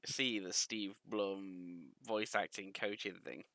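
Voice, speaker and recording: Man, co-streamer, casual banter, chuckling, deep voice, dry close sound. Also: takes it slowly, sharp tone, no echo. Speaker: game streamer. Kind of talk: casual chat over gameplay.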